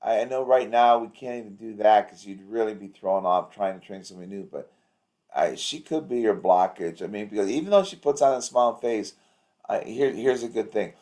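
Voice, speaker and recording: A man with a very low voice talks through a video call. He coaches in a loose, rambling way, piling up anecdotes and upbeat encouragement. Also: brisk, dark tone. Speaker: practice coach. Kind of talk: casual coaching chat.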